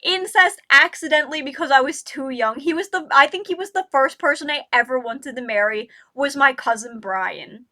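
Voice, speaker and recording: High, bright-voiced young woman rambling. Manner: rambling, halting, full of "like" and restarts. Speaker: vlogger. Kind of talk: casual personal storytelling.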